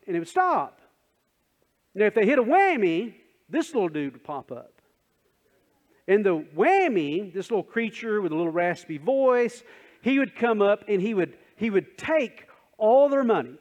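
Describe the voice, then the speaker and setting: A man's voice: high voice, expressive, normal speed. A man preaching a sermon in a conversational way, asking the congregation questions and acting out scenes. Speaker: pastor. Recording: dull sound with long hall reverb.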